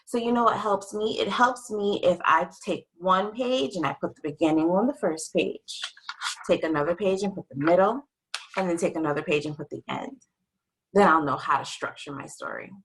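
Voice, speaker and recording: A young adult woman teaching a writing lesson to young children in a slow, expressive, sing-song teacher voice. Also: fairly low pitch, slight background noise, low-quality recording.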